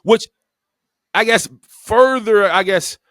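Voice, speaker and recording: He has a high voice with a fairly bright tone and takes his time, with no room sound around him. As a podcast co-host, he tells a casual story bluntly, swearing and repeating words for emphasis.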